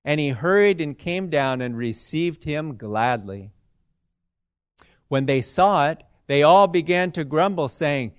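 Male scripture reader, formal measured delivery, unhurried, dry close sound. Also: on the high side, animated, no echo. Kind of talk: scripture reading.

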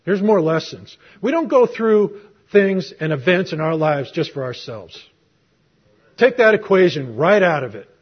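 A middle-aged man delivers a sermon in a slightly high, husky voice. He tells his story conversationally and throws rhetorical questions at the congregation. The recording is muffled and lo-fi. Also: lively intonation, a little slow. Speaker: preacher. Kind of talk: sermon with personal testimony.

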